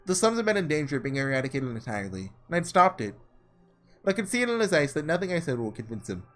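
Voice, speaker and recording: A man voicing an earnest, principled young ruler, reading in a measured, formal way. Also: on the high side, big pitch swings, fairly bright tone, soft background music.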